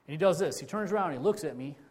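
Male pastor, sermon, chatty storyteller, slightly high voice, lots of restarts. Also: animated, rapid-fire, darkish tone. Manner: conversational storytelling with many restarts and repetitions.

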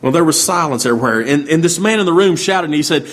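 A man's voice: on the high side, expressive, quick pace, hardly any pauses. A man preaching, telling a story in a plain, folksy way. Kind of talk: sermon storytelling.

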